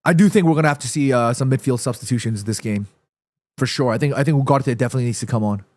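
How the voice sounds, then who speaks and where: A man with a stuffy nose hosting a live football watchalong stream, reacting excitedly to the match and reading viewers' chat messages aloud. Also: medium pitch, fast talker, no echo, clean studio sound.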